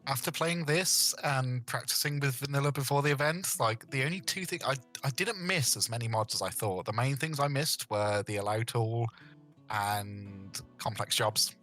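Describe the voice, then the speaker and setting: Bright-toned English man chatting. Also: medium pitch, moderate pace, faint music behind. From Britain. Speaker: co-player on call. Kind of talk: casual chat.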